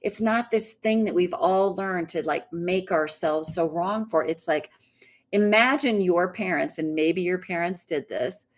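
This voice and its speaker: Gentle, reassuring woman leading tapping. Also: on the low side, a little slow. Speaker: inner guidance coach. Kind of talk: guided tapping session.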